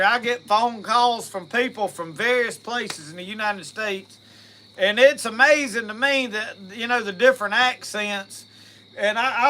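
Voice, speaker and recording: A livestream host with a Mississippi Southern accent reads out viewer comments, chatting in a folksy, rambling way and laughing easily. His very high voice sounds pushed and bright.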